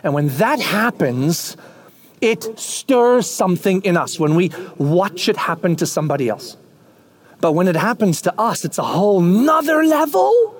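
A man preaching a sermon in an animated way, acting out little scenes with voices. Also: high voice, a little slow. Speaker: pastor.

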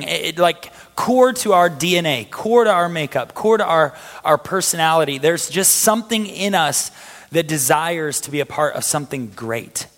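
Man preaching in an echoing hall. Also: on the high side. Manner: conversational, energetic, frequent restarts. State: losing his voice. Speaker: pastor. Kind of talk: sermon. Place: church hall with a live audience. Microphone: handheld or stage mic. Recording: long hall reverb.

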